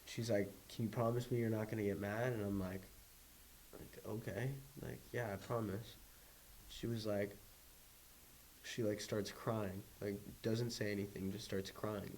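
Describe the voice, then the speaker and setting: A man's voice: lowish voice, gravelly, a little mellow, slight background noise, poor audio. A young man, a guest in an interview, telling a personal story in a rambling way, full of "like" and quoted dialogue. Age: young adult. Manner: rambling, heavy use of "like", quoting others. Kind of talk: candid storytelling.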